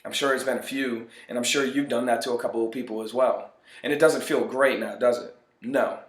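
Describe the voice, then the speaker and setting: A man's voice: mid-range voice, steady tone, a little fast. Earnest male motivational speaker, mid-range voice, echoey room. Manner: earnest, repeats phrases for emphasis. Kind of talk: motivational monologue. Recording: roomy echo.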